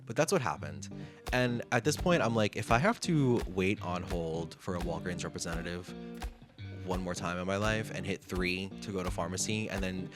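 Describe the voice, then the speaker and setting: A man vlogging in a casual, animated storytelling monologue, with sassy slang and acted-out bits of conversations. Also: low voice, moderate pace. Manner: chatty, animated, reenacts conversations. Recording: music playing underneath. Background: guitar music.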